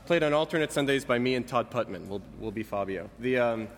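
A pastor in his thirties gives a sermon in a church sanctuary, speaking conversationally with light jokes and frequent self-corrections. His mid-range voice has lively intonation and a brisk pace, echoing through the reverberant hall.

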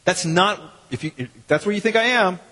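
A man, a pastor preaching a sermon in a church in a lively, conversational way with quoted asides. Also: high voice, fairly quick. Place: church sanctuary. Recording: long hall reverb.

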